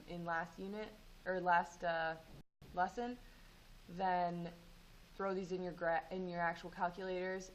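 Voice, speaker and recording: Lowish-voiced woman teaching math. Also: slight background noise, poor audio. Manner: relaxed, explanatory, with frequent ums. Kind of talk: homework review and lesson.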